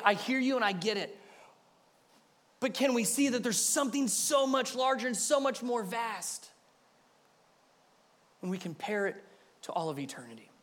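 A man's voice: high-pitched, a bit bright. A man pastor preaching a sermon, earnest and emphatic, speaking straight to his listeners and repeating phrases for weight.

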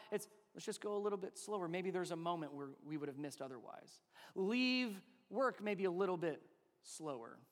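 A pastor in his thirties preaching a sermon, shifting between animated storytelling and soft, slow emphasis. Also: high-pitched. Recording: long hall reverb.

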